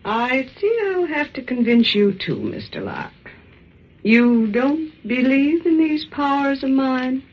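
A menacing psychic woman from a 1940s radio drama. She talks very slowly, calm and insistent. The sound is dull and lo-fi, like an old broadcast. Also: high-pitched, husky, exaggerated voice. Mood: challenging. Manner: slow, measured, coolly insistent.

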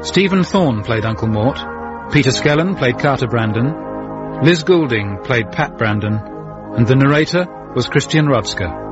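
A man's voice: mid-range voice, expressive, normal speed. A man reading out the credits of a radio play in a formal announcing manner. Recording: lo-fi radio over brass music.

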